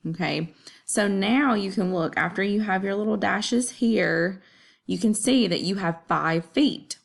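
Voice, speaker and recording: A woman teaching a lesson, explaining step by step and counting out syllables deliberately. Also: mid-range voice, vocal fry. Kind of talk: classroom explanation.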